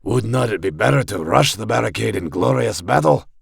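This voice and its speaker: A man's voice: on the low side, lively intonation, fairly quick, creaky, husky, no room sound, studio quality, voice pushed up, full character voice. A man voicing a boastful male dwarf warrior who puts on a hammy fake brogue and speaks in a theatrical, bombastic way. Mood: stiff.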